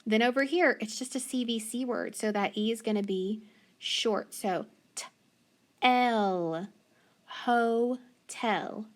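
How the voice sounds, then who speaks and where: A woman teaching a phonics lesson, slowly and patiently sounding out letters and syllables. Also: on the high side.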